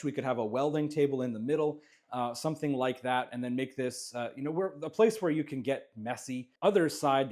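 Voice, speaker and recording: Casual man touring his jewellery workshop. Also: mid-range voice. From Canada. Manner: relaxed, rambling, many fillers and restarts. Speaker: jewellery maker giving a studio tour. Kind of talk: casual walkthrough vlog. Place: small home jewellery workshop.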